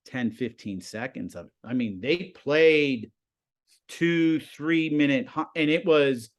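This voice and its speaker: Lively storytelling man in his fifties. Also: mid-range voice, slow pace. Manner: animated, acts out quoted conversations. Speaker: high school TV production teacher, guest. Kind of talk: casual storytelling.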